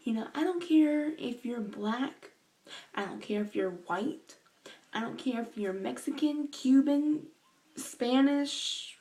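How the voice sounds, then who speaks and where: A young woman talking earnestly to her camera in a vlog, slow and emotional, halting with sighs and restarts. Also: high voice, darkish tone, low-quality recording. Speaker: vlogger.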